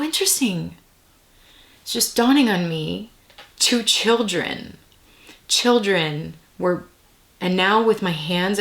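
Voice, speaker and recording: A woman giving a casual tarot reading to camera, musing and meandering, with soft whispered asides. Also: fairly low pitch, gravelly. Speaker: tarot reader.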